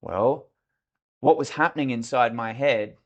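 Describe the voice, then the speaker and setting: A man's voice: mid-range voice, unhurried, dull audio. Frank man, reflective podcast guest. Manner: reflective, frank, acts out remembered dialogue. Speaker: podcast guest, former military officer. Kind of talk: candid interview storytelling.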